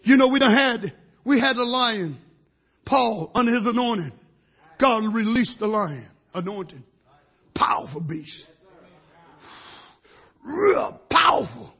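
A middle-aged male preacher delivering a fiery sermon. He swings between shouted peaks and low asides, and drops in hallelujahs. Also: animated, slow, vocal fry, pauses often, slightly rough.

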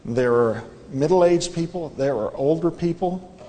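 A man's voice: fairly high pitch, unhurried, warm tone, big-room sound. A man preaching a sermon in a church, earnest and repetitive, pressing his listeners with rhetorical questions. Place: church sanctuary.

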